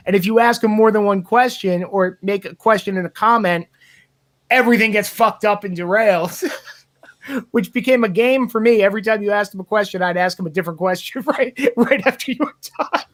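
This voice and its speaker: A man's voice: high voice, brisk, fairly bright tone. A man telling rambling, profane stories in a casual podcast chat. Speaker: podcast co-host.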